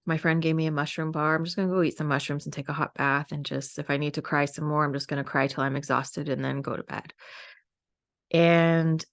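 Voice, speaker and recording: A woman in her forties, a podcast host, telling a candid, emotional personal story with many fillers. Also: low-pitched.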